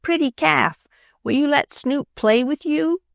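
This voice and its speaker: A woman voicing an excitable little boy in a storybook reading, pleading and breathless. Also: high-pitched, measured pace, gravelly, no echo, clean studio sound, pitched above the performer's own voice. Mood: coaxing.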